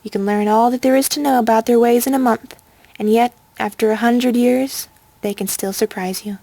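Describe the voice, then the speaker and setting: A woman's voice: fairly high pitch, fairly even intonation, moderate pace, vocal fry, warm tone, no echo. A woman voicing a grave, wise young unicorn mentor in a storybook reading. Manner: solemn and earnest.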